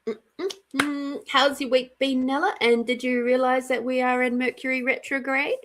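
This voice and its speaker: A middle-aged woman from Australia who reads cards for a live-stream audience and talks to them casually. Her voice sits a little high, and she speaks at a slow, easy pace. She giggles often and warmly greets her viewers by name. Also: level tone. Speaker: intuitive card reader and live-stream host.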